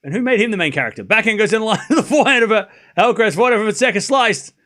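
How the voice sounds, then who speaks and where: High, lively streamer calling tennis. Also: male voice, rapid-fire. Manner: chatty, incredulous, laughs often, addresses chat. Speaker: streamer commentating a tennis watchalong. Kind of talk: casual live-stream commentary.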